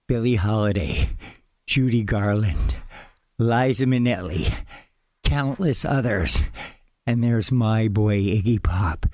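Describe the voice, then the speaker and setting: A man being interviewed as a guest, telling his story with animated, breathless enthusiasm and acting out the voices in it. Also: medium pitch, dry recording, clean studio sound. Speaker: guest, clothing store owner.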